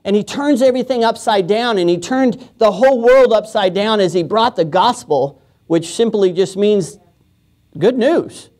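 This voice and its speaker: A man's voice: high voice, moderate pace, a little mellow. A man preaching a sermon as pastor, in a casual, joking way, often chuckling and acting out quoted voices. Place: church.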